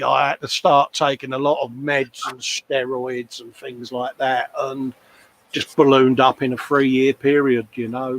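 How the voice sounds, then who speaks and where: A man's voice: mid-range voice, a little hiss or hum. An older man chatting casually at his workbench, laughing often and reading out viewer comments. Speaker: co-host. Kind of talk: casual livestream chat. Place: home workshop.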